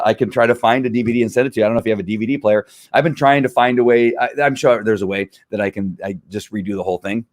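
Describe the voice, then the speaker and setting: A man who trains dogs, answering viewer questions in a rambling, animated way. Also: on the low side, dry recording, clean studio sound. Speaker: dog trainer. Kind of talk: casual Q&A talk.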